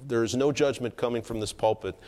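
A man delivers a sermon from the pulpit in an earnest, measured way. His voice sits at an ordinary middle pitch and climbs with emphasis on key points. The sanctuary adds a long, trailing reverb. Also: darkish tone. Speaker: pastor. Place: church sanctuary.

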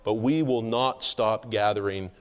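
Earnest pastor in a reverberant sanctuary. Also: male voice, lowish voice, clear, resonant tone. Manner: earnest, measured, with emphatic rises. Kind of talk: sermon. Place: church sanctuary. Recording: long hall reverb.

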